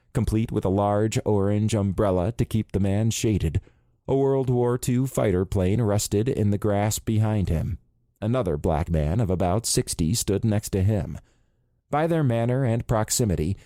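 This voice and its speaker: Deep low man reading an audiobook, calm and measured, mellow tone. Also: no room sound, studio quality. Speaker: audiobook narrator. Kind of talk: scripted narration.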